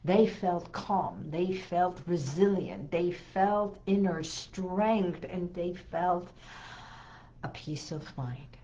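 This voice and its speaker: A hypnotherapist woman giving an inspirational talk to camera, speaking slowly and soothingly with gentle emphasis and repetition. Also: lowish voice, muffled recording. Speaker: hypnotherapist and healing coach.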